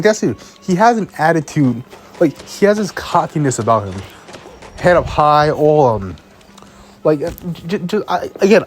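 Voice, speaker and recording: Husky young man ranting casually. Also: on the high side. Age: young adult. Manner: rambling and exasperated, repeats words. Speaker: student filmmaker. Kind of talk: casual storytelling vlog.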